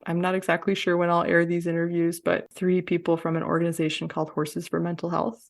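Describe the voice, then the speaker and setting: Low, gravelly-voiced woman host. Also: completely flat delivery, brisk. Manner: warm, reflective, laughs often. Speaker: podcast host. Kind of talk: conversational podcast interview.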